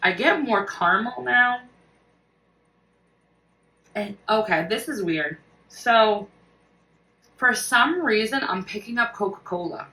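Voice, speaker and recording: A woman's voice: fairly high pitch, animated, takes it slowly, pauses often, sharp tone, recorded from a distance, rough recording. A woman casually reviewing her collection for a vlog, gushing with enthusiasm. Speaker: wax collection vlogger.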